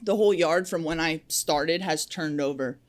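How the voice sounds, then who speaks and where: A woman's voice: sits low, normal speed. Young woman, lineman guest, candid and outspoken, casual interview chat, fillers and restarts.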